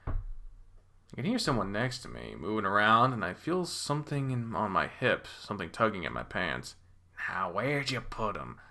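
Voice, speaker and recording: Bright, lively-voiced man reading a game. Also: on the low side, creaky. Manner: expressive, swearing, swings between hushed and loud. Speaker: reader voicing a visual novel. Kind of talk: first-person dramatic game reading.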